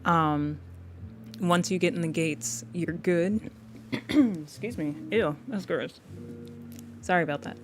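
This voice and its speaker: Low, slow-talking woman chatting to viewers. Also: soft background music. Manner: laid-back, chatty, laughs often, greets viewers warmly. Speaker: artist live-streaming a drawing session. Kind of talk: casual chat with live viewers.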